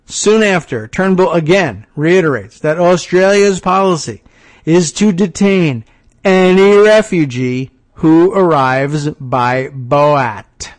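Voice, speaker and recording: A male talk-show host with a somewhat high voice reads a political article aloud. He keeps breaking off into sarcastic, disbelieving asides, stumbling over restarts as he riffs. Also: takes it slowly. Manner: frequent restarts and fillers when riffing. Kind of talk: casual political commentary.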